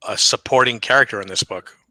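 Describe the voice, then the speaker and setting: A man co-hosting a casual comic book chat, halting with ums and restarts as he gives his opinions. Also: medium pitch, bright, forceful tone, no room sound, low-quality recording. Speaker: comic podcast co-host.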